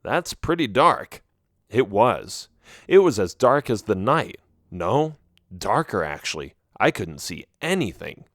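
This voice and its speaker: A man reading a first-person children's animal story aloud with an expressive, animated delivery. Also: on the low side, a little slow, dry recording, studio quality. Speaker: audiobook narrator.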